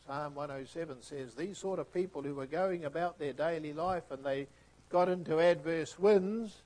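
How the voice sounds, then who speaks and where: A man preaching a sermon with emphatic delivery that swings between hushed, soft phrases and loud, stressed ones. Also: a little high, normal speed, low-quality recording.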